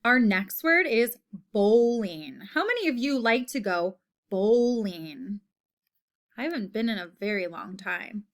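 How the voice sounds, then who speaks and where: Slow, patient woman teaching phonics. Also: medium pitch, animated. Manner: slow, patient, repeats each word with example sentences. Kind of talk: phonics lesson for children.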